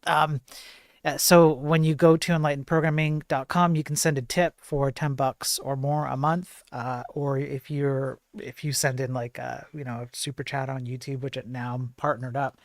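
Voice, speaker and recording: A man's voice: medium pitch, flat delivery, moderate pace, dry recording, clean studio sound. A man hosting a casual live-streamed tech news show, rambling and chatty with lots of fillers and jokey asides to his chat.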